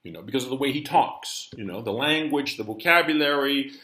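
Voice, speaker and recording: Indoors, with a roomy echo, a man hosts his own channel and tells a story in a loose, rambling, conversational monologue. His medium-pitched voice is bright and forceful, expressive, and fairly quick.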